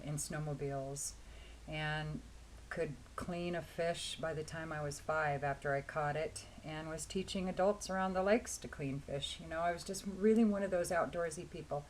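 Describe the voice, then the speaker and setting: A hoarse woman giving a chatty, rambling fragrance review, often clearing her throat. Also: sits low, steady tone, moderate pace, a little hiss or hum, low-quality recording. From Washington State, US. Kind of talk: casual video review.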